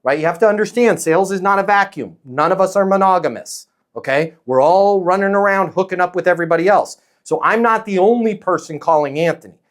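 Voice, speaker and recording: A man coaching a live audience on sales, energetic and direct, repeating his key lines. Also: high-pitched, a little fast, few pauses. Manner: energetic, acts out sales calls.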